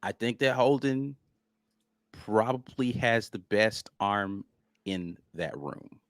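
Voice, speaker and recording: A man in his thirties co-hosting a casual sports chat show, animated and telling stories with acted-out quotes. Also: lowish voice, takes it slowly, no echo, clean studio sound. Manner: animated storyteller, acts out calming quotes. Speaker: co-host.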